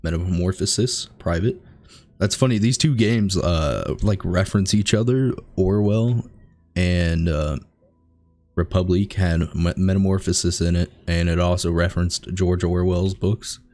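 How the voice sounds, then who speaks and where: In a low, dark-toned voice at a measured pace, this let's play host thinks out loud while reading through on-screen text, keeping his commentary casual.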